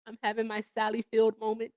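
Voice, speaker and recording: A woman's voice: a little high, monotone, quick pace, dry recording, muffled recording. A woman hosting a livestream in casual chat, chatty and effusive as she thanks her viewers. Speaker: livestream host.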